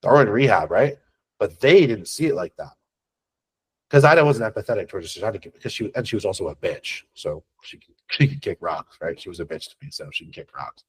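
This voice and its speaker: A man with a husky voice coaches a class on sales. He talks bluntly and swears freely, rambling, restarting his sentences and tossing in quick questions to the listener. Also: lowish voice, expressive. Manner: blunt, profane, conversational. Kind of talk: unscripted masterclass talk.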